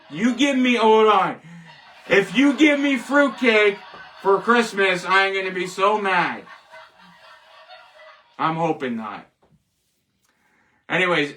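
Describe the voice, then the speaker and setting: A man's voice: on the high side, a bit bright, distant mic, a little hiss or hum. A man hosting a casual solo show, rambling, joking and laughing at his own jokes. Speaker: host. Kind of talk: casual solo wrestling commentary.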